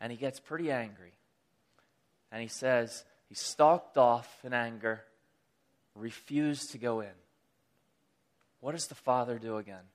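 A man preaching a sermon, retelling a story in a lively, casual way with chatty asides. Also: unhurried, pauses often. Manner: animated storytelling, pitch rising with excitement.

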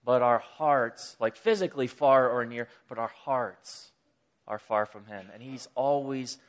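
A man preaching a sermon, retelling a story in a lively, casual way with chatty asides. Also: measured pace. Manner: animated storytelling, pitch rising with excitement.

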